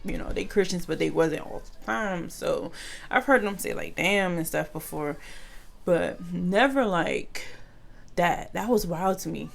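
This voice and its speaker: Woman vlogger in a casual storytime, gravelly fry in her voice, lively and slangy with viewers. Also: lowish voice, unhurried. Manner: animated, slangy, addresses viewers as y'all.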